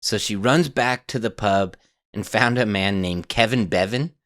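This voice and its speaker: A male podcast host casually telling a true story to his co-hosts, laid-back and quick to laugh. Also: fairly low pitch, fairly bright tone, dry recording, clean studio sound.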